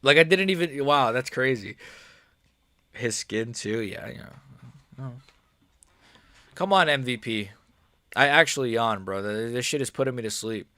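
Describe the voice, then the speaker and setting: A man's voice: mid-range voice, expressive, a little slow, pauses often, bright, forceful tone, no echo. A young man doing casual live commentary on a fight stream, with slangy, rambling speech and blunt, mocking opinions. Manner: slangy, rambling, frequent "bro" and "like".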